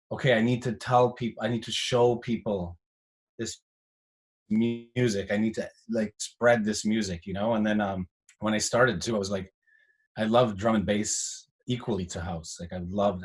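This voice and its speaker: Lower-voiced man, rambling chat host. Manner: rambling, animated storyteller with many "like" fillers. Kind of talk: casual chat.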